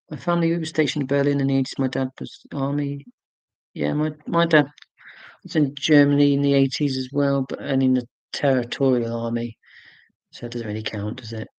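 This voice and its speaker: A man's voice: mid-range voice, darkish tone, no room sound, lo-fi sound. A man chatting casually on a live stream, rambling and self-deprecating, with lots of ums as he answers viewer comments.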